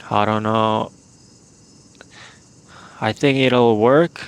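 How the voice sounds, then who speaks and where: A man talks slowly through his solo podcast, his voice gravelly with a lot of vocal fry. He rambles in a relaxed way, with plenty of "like" fillers. He speaks into a handheld mic outdoors. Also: on the low side. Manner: relaxed, meandering, with many "like" fillers. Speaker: podcast host. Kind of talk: casual solo podcast talk. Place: outdoors in a remote spot. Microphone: handheld microphone.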